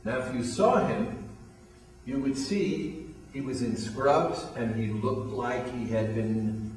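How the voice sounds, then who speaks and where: A man's voice: mid-range voice, takes it slowly, recorded from a distance. An older man, founder of a weight loss program, telling a long anecdote as a guest and acting out the lines of the people in it. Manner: anecdotal, acts out quoted dialogue. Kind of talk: storytelling interview. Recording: echoey room, voice from off-mic.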